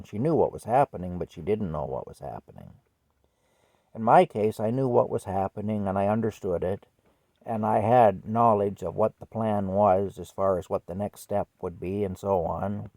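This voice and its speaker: Man, personal storytelling, conversational, reflective, low voice, dry close sound. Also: no room sound. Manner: conversational and reflective, with soft laughs.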